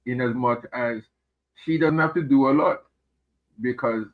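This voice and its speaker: A man giving his views as a regular guest on a political chat show, speaking in a hesitant, measured way with many fillers and repeated words. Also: mid-range voice. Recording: tinny phone line.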